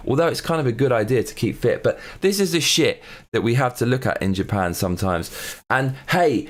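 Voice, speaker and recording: A man's voice: medium pitch, expressive, fairly quick. Profane ranting male comedy news host. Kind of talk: sarcastic comedic news commentary.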